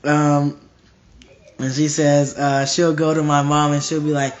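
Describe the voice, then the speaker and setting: Young male street-style preacher, slightly raised pitch, hammering repetitions, loose informal delivery. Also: flat delivery, measured pace. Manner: emphatic and repetitive, restarting phrases. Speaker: preacher on a live stream. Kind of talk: informal preaching to a live stream.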